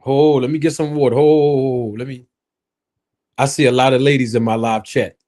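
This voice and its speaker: Animated man hosting a live stream. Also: medium pitch, quick pace. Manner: animated, joking, talks straight to his chat. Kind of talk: casual live stream chat. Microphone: own streaming microphone.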